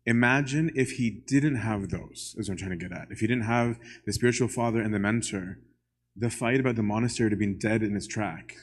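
Man, low-pitched voice, church lecture, conversational, poses questions to listeners. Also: fairly quick. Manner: conversational, often asks "right?"; poses questions straight to the audience.

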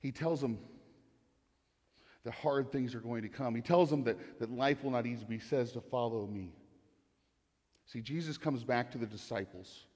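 A man's voice: medium pitch, moderate pace, long pauses, a little mellow, in a large hall. A man preaching a sermon, earnest and repeating phrases for emphasis. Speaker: pastor.

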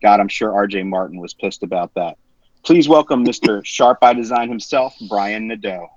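A man with a New Jersey accent hosting a casual podcast, teasing his co-hosts with quick, joking banter. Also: on the low side, darkish tone, no echo. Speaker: podcast host. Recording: slightly dull lo-fi sound.

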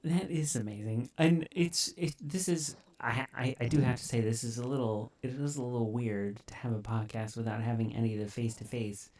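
A woman's voice: rumbling low, a little fast, hardly any pauses, mellow. A woman hosting a podcast over a remote call, chatting casually in a self-deprecating, rambling way. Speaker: podcast host. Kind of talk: casual chat.

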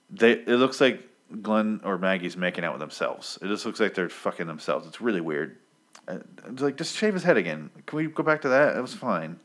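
A man casually recapping a comic, rambling and swearing, and breaking into animated quotes of the characters. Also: on the low side. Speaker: comic book reviewer.

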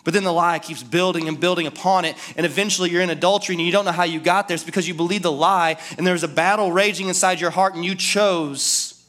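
A man's voice: fairly high pitch, fairly bright tone. A male pastor preaching a sermon in a casual, conversational way, with frequent fillers.

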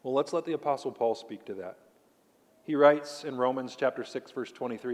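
A man delivers a sermon as pastor in an everyday mid-range voice. He is emphatic, slows down to lean on key words and questions his listeners directly. His voice carries a long reverb from a large church hall. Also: mid-range voice, a little mellow. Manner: emphatic preaching, slowing down to stress key words; addresses the congregation directly with questions.

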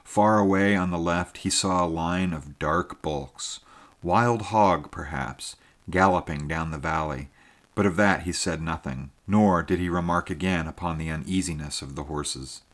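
A man reads a story aloud with measured, expressive storytelling. His voice is very deep and low, and he keeps a steady narrating pace. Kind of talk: scripted audiobook narration.

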